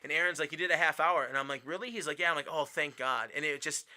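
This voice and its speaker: Fast-talking bright-voiced comedian man. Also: fairly high pitch. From Wisconsin, USA. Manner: rambling, many fillers and restarts, quotes people in voices. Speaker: stand-up comedian guest. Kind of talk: casual storytelling chat.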